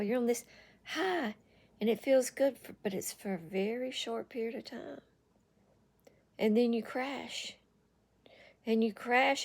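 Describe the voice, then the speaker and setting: A woman with a slightly high voice gives an earnest talk straight to the listener. She circles back and repeats phrases to drive her point home. Her delivery stays direct and personal. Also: vocal fry, a little mellow. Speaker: online speaker on addiction recovery.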